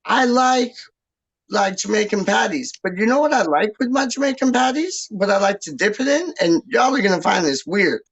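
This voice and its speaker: An excitable man with a notably high voice, chatting casually on a fan stream. He loops back over the same phrases again and again. The audio is a bit dull and muffled. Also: normal speed, husky. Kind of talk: casual chat.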